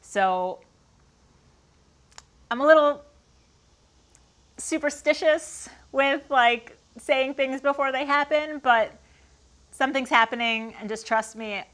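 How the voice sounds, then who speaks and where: A woman's voice: high voice, slow, pauses often, a bit bright. Chatty woman with a Long Island accent. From Long Island, New York. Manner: chatty, laughs often, many "like" fillers. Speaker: woodworking channel host. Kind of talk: casual Q&A talk to camera. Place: detached garage workshop.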